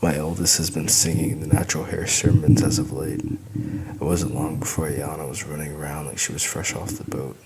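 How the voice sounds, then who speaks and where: A man's voice: very deep voice, little pitch movement, brisk, very noisy. A man narrating an audiobook in the first person, with wry, weary humor.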